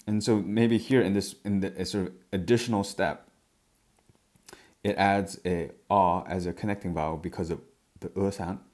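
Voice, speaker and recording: A man with a very low, deep voice walks through a language lesson at his own unhurried rhythm. He hesitates often, with fillers and an occasional cleared throat, as he explains each point. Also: steady tone, darkish tone. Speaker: language teacher.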